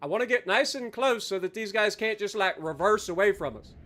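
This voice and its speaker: A man streaming live gameplay, excitable and cheeky, yelling battle cries, swearing and taunting opponents in a hammy mock German manner. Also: sits high. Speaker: game streamer.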